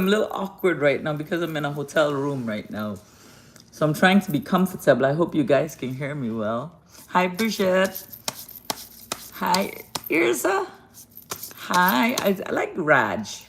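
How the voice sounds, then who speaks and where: A woman from Guyana does a warm card reading on a live stream from her hotel room, calling her viewers darling and baby and laughing a lot. Her voice sits at a medium pitch, and there is plenty of background noise.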